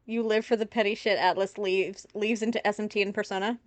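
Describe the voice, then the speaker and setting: A woman's voice: medium pitch, fairly even intonation, fairly quick, no room sound. A woman streaming a game live, rambling through chatty tangents and laughing often. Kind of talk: casual live gameplay commentary.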